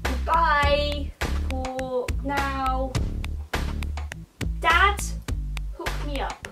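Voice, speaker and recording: A woman's voice: high voice, fairly even intonation, extremely slow, low-quality recording. A woman hosting a comic show, bantering jokily and tacking "mate" onto her lines. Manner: jokey, tacks 'mate' onto lines. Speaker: show host. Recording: off-mic with loud music behind.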